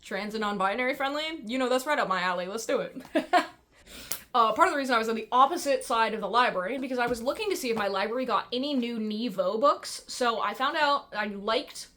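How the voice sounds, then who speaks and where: A woman's voice: on the high side, animated, a little fast, sharp tone. Blunt, frustrated woman vlogger. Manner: frustrated, blunt, swears freely, restarts often. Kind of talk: casual ranting vlog.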